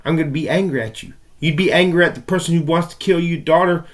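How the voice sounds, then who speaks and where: Guy ranting into a call-in show, kinda high voice, rambly and cussing, sounds wronged. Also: fast talker, hardly any pauses. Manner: rambling, aggrieved, profane. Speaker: caller.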